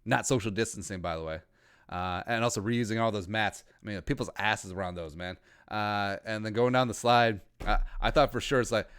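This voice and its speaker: A man's voice: on the low side, a little fast, a bit bright, smooth. Rambling, joking man hosting a podcast. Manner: rambling, joking, crude asides. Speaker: podcast host. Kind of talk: casual livestream chat.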